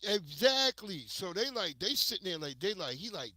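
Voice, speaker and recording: An American man hosting a livestream, telling stories in a casual, profane, animated way to his viewers. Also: high voice, normal speed, hardly any pauses, no echo. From United States. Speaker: livestream host.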